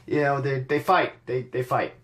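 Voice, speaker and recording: A man's voice: mid-range voice, fairly even intonation, normal speed, fairly bright tone. Wry man recapping wrestling. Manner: wry, sarcastic, stammering restarts. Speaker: podcast host.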